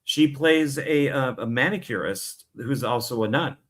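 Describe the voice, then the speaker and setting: A man's voice: mid-range voice, measured pace, a bit bright. Offhand joking man in casual chat. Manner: joking, offhand, trips over words. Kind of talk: casual chat about movies.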